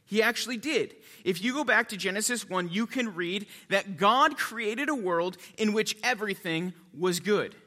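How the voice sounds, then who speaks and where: A male pastor delivers a sermon in a church sanctuary, his voice high and ringing. He shifts between earnest teaching and playful, animated asides. A long reverb from the hall trails behind his words. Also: moderate pace, few pauses. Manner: animated, jokey asides, quiet reverent prayer.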